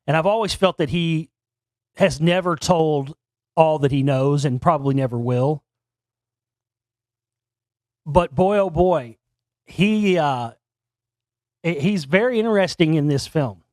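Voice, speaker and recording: A man's voice: on the high side, measured pace, long pauses, darkish tone, no room sound, studio quality. A man hosting a talk show alone, giving casual commentary into a desk microphone and rambling with many restarts and repeated words. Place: home studio near Dallas.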